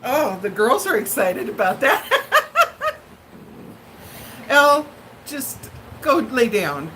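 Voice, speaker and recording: A woman's voice: on the high side, expressive, measured pace, background noise. A woman hosting a live stream from home, chatting casually with viewers in a rambling, friendly way with lots of fillers. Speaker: livestream host chatting with viewers. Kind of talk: casual live-chat monologue.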